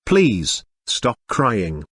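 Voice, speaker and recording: Man voicing a tender young husband, soothing tone, lively pitch, dry close sound. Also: extremely slow, husky, dry recording, full character voice. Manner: soothing, affectionate. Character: gentle young husband comforting his wife.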